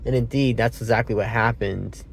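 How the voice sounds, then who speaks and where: A man's voice: medium pitch, steady tone, moderate pace, gravelly, a little hiss or hum. A man giving a casual, rambling movie review, meandering with fillers and self-corrections, sounding sleepy. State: sleepy, yawning.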